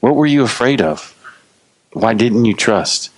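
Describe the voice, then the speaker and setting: A man preaching voices a calm, unhurried Jesus who asks pointed questions. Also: medium pitch, dry recording. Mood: questioning. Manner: relaxed, unhurried, lightly teasing. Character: calm unbothered Jesus, grown man, trusting.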